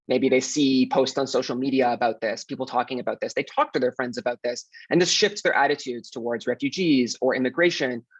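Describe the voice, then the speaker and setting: A man's voice: mid-range voice, no echo. A man presents his research project in an online workshop, casual and easygoing with frequent fillers. His mid-range voice sounds dry and close, muffled by the video-call audio.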